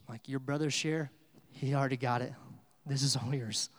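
A man preaching a sermon, with rises from quiet to loud and emphatic. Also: mid-range voice, steady tone, normal speed, pauses often, long reverb tail. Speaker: pastor.

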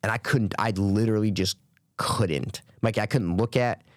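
Casting: male podcast co-host, low voice, dry close sound, casual swearing storyteller. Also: moderate pace, no echo. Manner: profane, animated retelling with quoted voices. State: recovering from illness.

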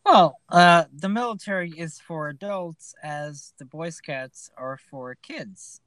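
Man, bright clear voice, animated podcast co-host, laughs easily, keeps asking questions. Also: on the high side, slow, no echo. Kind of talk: casual podcast chat.

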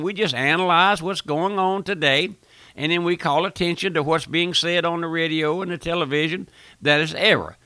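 A man's voice: fairly high pitch, bright, forceful tone, no room sound. An older man preaching a fiery radio sermon, folksy and emphatic, repeating phrases and rising to bursts of force.

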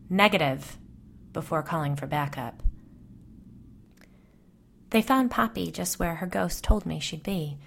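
A woman host calmly narrating a scripted ghost story. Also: low voice, vocal fry.

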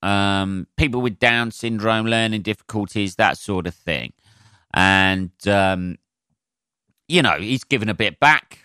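In a casual solo podcast, a comedian rambles along, swearing freely and filling pauses with ums. His voice is on the low side and a little slow, yet bright, sharp, smooth and clear. He's close to the mic, and the sound is dry with no echo.

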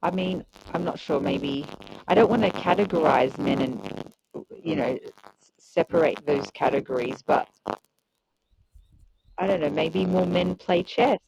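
Low-voiced hesitant woman, gravelly tone. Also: lively intonation, unhurried, long pauses, darkish tone, a little hiss or hum, rough recording. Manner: hesitant, restarts often, many fillers. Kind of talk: casual chat reviewing a show.

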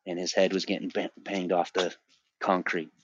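A man's voice: sits low, level tone, moderate pace, husky, no room sound, dull audio. A man in his forties from the Boston area, a podcast guest telling his personal testimony in an intense, emphatic way with frequent restarts. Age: 40s.

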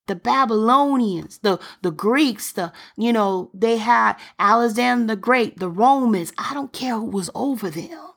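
Fervent woman preacher with a lively voice. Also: on the high side, measured pace, creaky, hardly any pauses. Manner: fervent, reads scripture aloud with interjections. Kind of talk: sermon.

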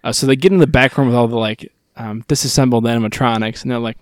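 A man co-hosting a podcast, casually recapping a TV episode and quoting the characters in quick asides. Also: mid-range voice, steady tone, dry recording, studio quality. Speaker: podcast co-host.

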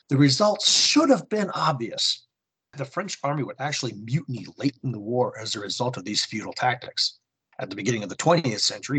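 A man's mid-range voice, a bit bright and husky, comes through a low-quality recording as he hosts a podcast. He gives a war comic a theatrical second-person reading, then presents a history segment.

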